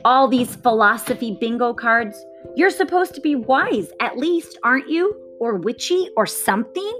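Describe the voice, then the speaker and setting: A woman's voice: a little high, lively intonation, unhurried, faint music behind. A woman voicing an upset young boy who pleads in a rising voice, close to tears. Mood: frustrated.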